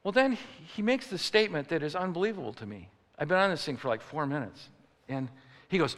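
A man from Chicago preaching a sermon, telling a comic story in an animated way that rises into mock outrage. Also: on the high side, fairly quick, in a large hall.

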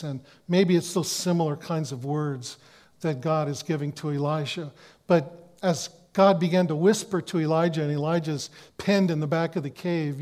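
A man preaching a sermon in an earnest way, often restarting phrases and dropping to a hush for quoted words. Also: fairly high pitch. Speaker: pastor.

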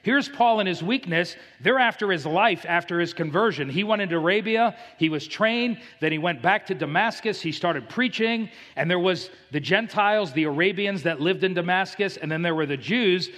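A man's voice: high voice, normal speed, hardly any pauses, a bit bright, in a large hall. A man preaching an expository sermon, reading scripture dramatically with rising emphasis. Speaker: pastor.

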